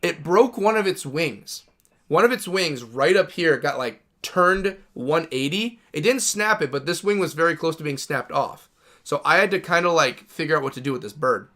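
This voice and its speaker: This gaming streamer's voice is on the high side, expressive and a bit bright, at normal speed. While he plays, he spins a long, loose story, often starting sentences over and cursing without restraint.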